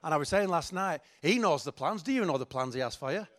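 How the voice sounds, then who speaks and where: A middle-aged man delivers a sermon. He talks in a chatty, joking way and pokes fun at himself. His voice sits a little above the usual man's pitch. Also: lively intonation, fast, a bit bright. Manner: chatty, joking, self-mocking. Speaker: pastor.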